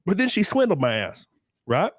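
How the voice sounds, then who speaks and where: Crude, animated man hosting a podcast. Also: high voice, moderate pace, dry recording, clean studio sound. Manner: crude, rambling, animated storytelling. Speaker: podcast host. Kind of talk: casual podcast chat.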